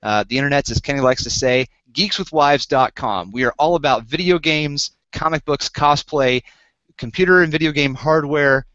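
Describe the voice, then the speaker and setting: Male podcast host, casual storyteller; slightly high voice, dry muffled recording. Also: moderate pace, dry recording. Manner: animated, incredulous, acts out both sides of a story. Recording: dull lo-fi podcast audio, dry.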